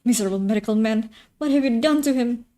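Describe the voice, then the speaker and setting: A woman's voice: on the high side, quick pace, dark tone, natural voice. A woman voicing a proud, haughty young nobleman in a visual novel, speaking indignantly.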